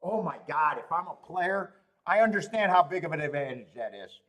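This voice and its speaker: A man's voice: a little high, expressive, moderate pace, fairly bright tone. A man hosting a live stream, worked up and ranting, pleading, swearing and laughing as he talks. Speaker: host. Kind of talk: live-stream chat rant.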